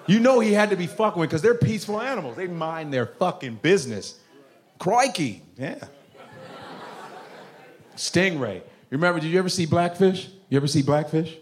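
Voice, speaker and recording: A man doing stand-up comedy, profane and animated, jumping into voices. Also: on the high side, normal speed, a little hiss or hum.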